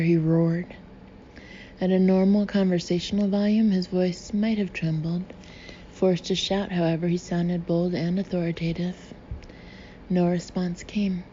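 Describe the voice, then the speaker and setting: A woman reads an audiobook in a low, level, measured voice with a warm, mellow tone. The recording is slightly dull, with a faint hiss underneath. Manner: even, measured reading. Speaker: audiobook narrator. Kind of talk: scripted audiobook narration.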